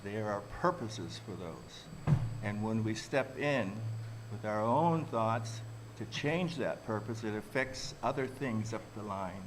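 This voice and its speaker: A man giving a reflective, unhurried talk to a community workshop audience. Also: lowish voice, expressive, background noise. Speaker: workshop speaker.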